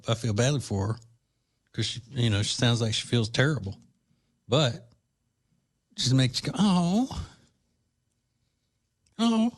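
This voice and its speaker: A man hosting a talk radio show from a studio, teasing and chuckling in a casual way. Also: mid-range voice.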